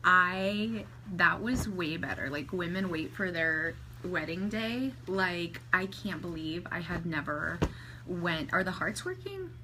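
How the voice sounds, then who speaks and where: A woman in her thirties gushing excitedly to livestream viewers, talking to them by name, her throat sore from singing. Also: fairly low pitch, slow. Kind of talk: casual livestream chat. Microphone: phone held at arm's length. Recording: phone livestream with faint ambient noise.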